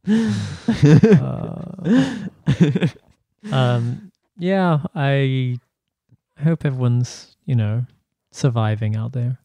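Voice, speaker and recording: A man's voice: medium pitch, drawn-out words, pauses often, mellow, no room sound. A man co-hosting a podcast in casual comedic chat, sarcastic and profane, with hesitant restarts. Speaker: podcast co-host.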